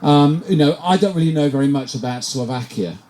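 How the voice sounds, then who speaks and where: A man from England works through a stand-up set at a pub comedy night, his voice mellow and soft-edged. He rambles in a self-deprecating way and keeps stumbling over and repeating his words before landing the line. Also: on the high side, brisk.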